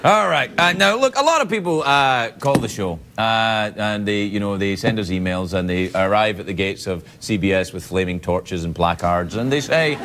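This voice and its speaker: A man hosting a late-night talk show, cracking quick jokes and playful asides to a studio audience. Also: fairly low pitch, animated. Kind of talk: comedy monologue banter. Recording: studio audience laughter and noise.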